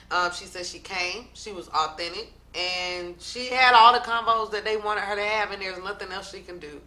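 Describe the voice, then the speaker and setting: A young woman talks through a reality TV episode with sass and plenty of slang, turning to her viewers now and then. Her voice is bright and forward. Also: mid-range voice. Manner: animated, sassy, with slang and asides to viewers. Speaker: reality TV recap vlogger. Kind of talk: casual reality show recap.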